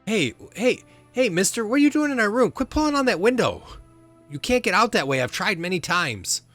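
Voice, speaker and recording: A man doing a squeaky, stammering eight-year-old boy. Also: fairly quick, soft background music. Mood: eager. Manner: stammering, gushing, breathless excitement.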